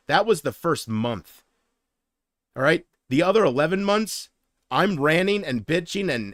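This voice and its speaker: On a livestream, a man with a slightly high, somewhat bright voice rants in an agitated, profane way. He reads viewer comments aloud and talks back to his chat, and the recording is dry with clean studio sound.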